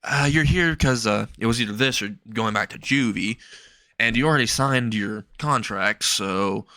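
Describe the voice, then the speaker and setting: A man's voice: lowish voice, normal speed, bright, forceful tone, no room sound. A man voicing a brash young male hero who takes over as a rude show host, trash-talking crudely. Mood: cocky. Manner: cocky, crude trash talk.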